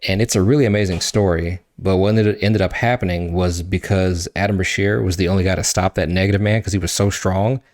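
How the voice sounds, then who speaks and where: A man hosting a podcast, casually retelling a comic book story in an animated way, swearing and acting out what the characters say. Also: low-pitched, brisk, few pauses. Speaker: podcast host.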